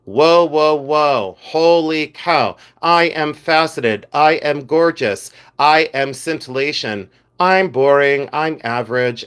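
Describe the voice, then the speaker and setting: A man's voice: medium pitch, fairly bright tone. A middle-aged man hosting a casual jewelry livestream, blunt and a bit exasperated, with lots of "uh" fillers.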